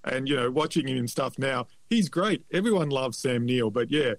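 A man in a casual podcast chat, reflective and measured with many fillers. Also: mid-range voice, expressive, no room sound.

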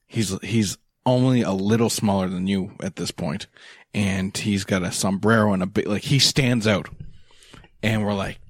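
Young male podcast host, low-pitched, crude storyteller, dry sound. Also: moderate pace, breathy edge, no room sound. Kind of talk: casual chat.

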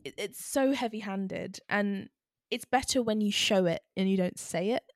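A woman's voice: mid-range voice, normal speed, no echo, clean studio sound. A woman chatting on a podcast, filling her talk with "like" and acting out her examples. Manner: chatty, fills with 'like', acts out examples. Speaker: podcast co-host. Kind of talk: casual chat.

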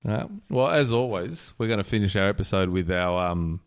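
An Australian man co-hosting a casual podcast chat, jokey and quick to laugh. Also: deep voice. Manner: chatty, jokey, laughs often. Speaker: podcast co-host.

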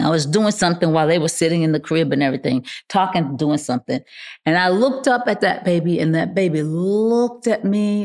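A woman's voice: on the low side, darkish tone. An older woman, a guest in a casual chat, telling stories animatedly and repeating phrases for emphasis.

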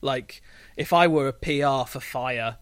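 A man's voice: mid-range voice, measured pace, fairly bright tone, no room sound. A man in casual podcast chat, self-deprecating and laughing often.

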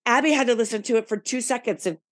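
A woman co-hosting a casual podcast, recapping episodes and acting out what people said in an animated storytelling manner. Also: fairly high pitch, quick pace, dry recording, studio quality. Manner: animated storytelling, acts out quotes. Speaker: podcast co-host.

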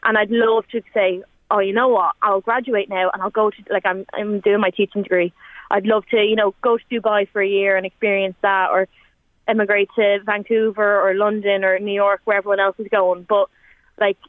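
A woman's voice: mid-range voice, little pitch movement, a little fast, no room sound. Young irish woman on a phone line. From Ireland. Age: 20s. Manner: chatty, rambling with many fillers and restarts. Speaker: guest. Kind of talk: emotional radio phone-in chat. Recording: tinny phone line, dry.

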